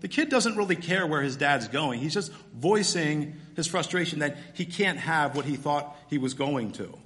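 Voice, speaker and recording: A man preaching a sermon, teaching through a scripture passage step by step in a relaxed, conversational way. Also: a little high, moderate pace. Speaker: pastor.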